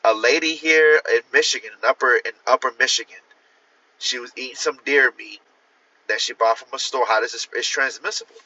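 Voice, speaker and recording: Male livestream host, casual and profane, rambling; bright, forceful tone, muffled phone audio. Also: mid-range voice, fairly quick. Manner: profane, rambling, talks straight to viewers; answers viewer comments. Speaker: author hosting a livestream.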